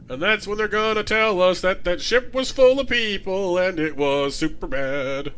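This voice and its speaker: A man's voice: high voice, moderate pace, few pauses, fairly bright tone, faint music behind. A man streaming a game live, chatting casually to viewers with stammering restarts and light chuckles.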